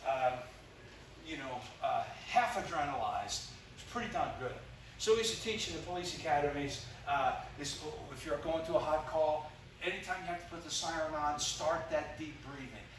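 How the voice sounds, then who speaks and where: A man's voice: on the high side, a bit bright, a little hiss or hum. Folksy older man teaching in an echoey gym. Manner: rambling and folksy, many fillers. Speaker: self-defense instructor. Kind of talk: casual instructional talk during a demonstration. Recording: very echoey room audio, distant from mic.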